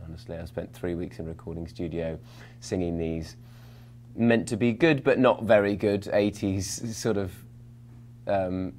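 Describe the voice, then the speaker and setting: Deep-voiced man, rambling and self-mocking. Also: a little mellow, slight background noise. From England, London. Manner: rambling, self-mocking, many fillers and restarts. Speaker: actor as interview guest. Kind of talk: casual interview answers.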